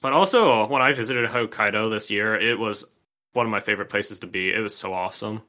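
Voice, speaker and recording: Chill podcast guy, lowish voice with a bright edge. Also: a little fast. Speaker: podcast co-host. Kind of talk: casual podcast chat.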